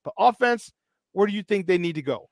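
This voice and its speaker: A man hosting a sports talk show, with a high voice for a man. He talks emphatically and fires off question after question. The sound is dry and close. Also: expressive, no room sound. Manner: emphatic, keeps asking "all right?"; asks rapid questions.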